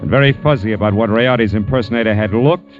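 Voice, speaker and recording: A man's voice: on the low side, fast, close to an everyday voice. A man in 1940s radio acting, playing a wry, tough private detective who also narrates, on a dull old radio broadcast with faint music. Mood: narrating. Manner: wry, clipped, sardonic.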